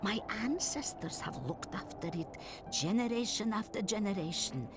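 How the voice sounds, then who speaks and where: An actress playing a gentle, wise old woman who lives alone in the mountains, in a game's voice acting, speaking softly. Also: mid-range voice, animated, over music, lightly acted. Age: older. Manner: slow, gentle, soft-spoken. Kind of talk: game voice acting.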